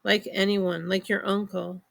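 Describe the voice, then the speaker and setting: A woman's voice: medium pitch, gravelly. Woman putting on a cryptic bald man with a posh British accent. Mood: cryptic calm. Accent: exaggerated posh British. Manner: slow, calm, cryptic.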